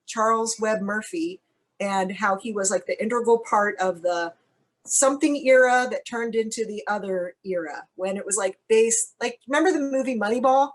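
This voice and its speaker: An American actress from Cincinnati, speaking mid-range at normal speed, chats as an interview guest. She rambles casually, saying "like" a lot and correcting herself, with wry, blunt humor.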